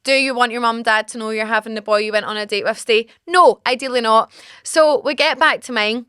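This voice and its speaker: A woman's voice: fairly high pitch, fairly quick, clean tone, no echo, clean studio sound. A woman in her twenties hosting a podcast, telling a story casually and with animation, laughing often and acting out what people said. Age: 20s. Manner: animated, laughing, acts out quotes. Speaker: podcast host.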